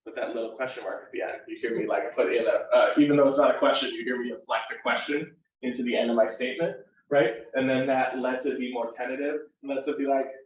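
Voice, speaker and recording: A male counselor teaches a live workshop, explaining in a relaxed, conversational way and checking in with "right?" after each point. He sits back from the mic in an echoey room, and the recording sounds muffled and lo-fi. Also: medium pitch, fast talker, hardly any pauses. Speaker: university counselor leading a workshop. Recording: roomy, distant and dull live room recording.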